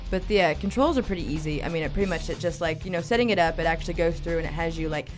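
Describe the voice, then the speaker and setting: A woman's voice: lowish voice, very fast, soft background music. A woman chatting loosely and jokingly as a panelist on a radio talk show. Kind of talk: casual chat.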